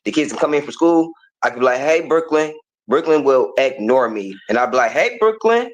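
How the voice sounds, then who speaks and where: A man's voice: mid-range voice, brisk, lo-fi sound. A man being interviewed, explaining himself earnestly and at length. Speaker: interview guest. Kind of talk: interview conversation.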